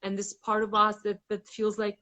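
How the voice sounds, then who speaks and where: A woman's voice: mid-range voice, completely flat delivery, moderate pace, bright, forceful tone. A woman guest in a casual spiritual chat, talking frankly with lots of "like" fillers and some swearing. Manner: rambling with many "like" fillers, frank and blunt with swearing; acts out inner voices dramatically. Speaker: guest facilitator.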